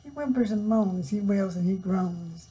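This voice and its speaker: An older woman and grandmother reading a picture book aloud, gently stopping to explain words for children. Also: medium pitch, normal speed, poor audio. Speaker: storyteller.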